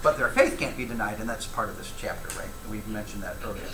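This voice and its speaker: A man's voice: lowish voice, quick pace, bright, forceful tone, a little hiss or hum. A man teaching a church Bible class, talking with the class, asking questions and reading scripture aloud. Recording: echoey room, faint ambience.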